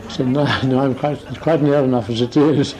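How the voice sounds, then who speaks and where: A man's voice: medium pitch, fairly even intonation, a little fast, dark tone, low-quality recording. An older veteran man recounting his memories in an archive oral-history interview, understated and amused. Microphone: archival interview recording.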